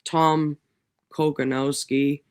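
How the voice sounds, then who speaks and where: A woman hosting a casual livestream from home, ranting in an animated, profane way. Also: deep voice, slow, smooth. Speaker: livestream host.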